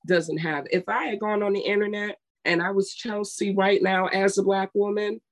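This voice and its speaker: A woman's voice: medium pitch, level tone, moderate pace. A woman co-hosting a casual chat, telling stories emphatically and acting out what people said. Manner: emphatic, retells scenes with quoted voices. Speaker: podcast co-host.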